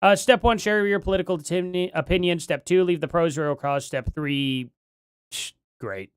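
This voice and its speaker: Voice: medium pitch, moderate pace, smooth, no echo, studio quality. A streamer giving live commentary on a debate, rambling and jokey, then getting heated in rants.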